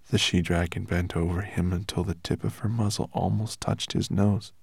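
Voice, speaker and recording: A man reading a fantasy story aloud in a measured storytelling manner. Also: low voice, steady tone, gravelly, darkish tone, slightly rough, no echo, clean studio sound. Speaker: audiobook narrator. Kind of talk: scripted narration.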